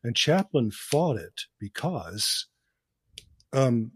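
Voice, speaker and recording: Husky-voiced man lecturing casually. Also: medium pitch, sing-song, drawn-out words. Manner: lecturing storyteller, laughs between points. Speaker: podcast co-host; cinema professor. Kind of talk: casual chat.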